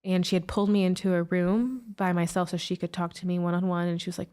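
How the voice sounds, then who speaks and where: A woman's voice: lowish voice, flat delivery, quick pace, darkish tone, clear, resonant tone. A woman guest recounting a painful personal story in an interview, emotional and full of "like" fillers. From United States. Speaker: guest, author and speaker.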